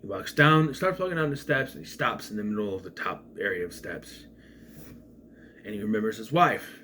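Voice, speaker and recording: Animated rambling man reviewing a film. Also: lowish voice, moderate pace, slight background noise. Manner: rambling and animated, with frequent restarts and asides. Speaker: movie reviewer. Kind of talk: casual spoken film review.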